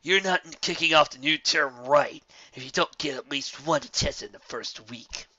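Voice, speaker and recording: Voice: medium pitch, moderate pace, sharp tone, dull audio. A reader doing a sarcastic cocky colt. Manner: dismissive, sarcastic. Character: cocky older unicorn colt, big brother.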